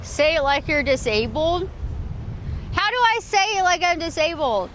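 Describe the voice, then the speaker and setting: Woman streamer, high lively voice, slow unhurried chat, laughs at herself, outdoor beach setting. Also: background noise. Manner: giggly, rambling, self-mocking. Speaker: livestreamer. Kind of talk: casual live stream chat.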